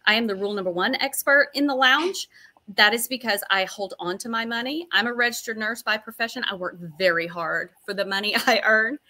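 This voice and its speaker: Bright-voiced, chatty middle-aged woman. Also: fairly high pitch, fairly quick. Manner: chatty, long-winded, self-deprecating. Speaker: interview guest, registered nurse. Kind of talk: casual interview storytelling.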